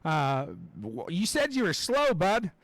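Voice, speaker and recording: A young man giving live play-by-play commentary on a race, excitable and rambling, with plenty of fillers and asides. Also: high voice, slow, dry recording.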